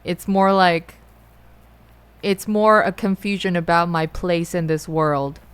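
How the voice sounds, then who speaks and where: A young adult woman talking through her feelings in a personal monologue, halting and often rephrasing herself. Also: lowish voice, level tone, smooth, dry recording. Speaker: musician and host.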